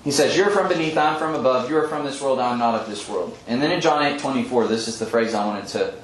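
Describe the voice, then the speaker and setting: A man's voice: medium pitch, fast talker, a little hiss or hum. Guy explaining bible verses to a study group, earnest, kinda echoey room. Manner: earnest, explanatory, quotes scripture, frequent ums. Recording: echoey room with faint ambience.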